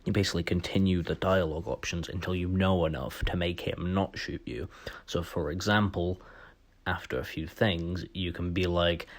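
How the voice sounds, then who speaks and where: A man's voice: low voice, normal speed. A young man casually recapping a video game, joking and swearing as he rambles along. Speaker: gaming YouTuber.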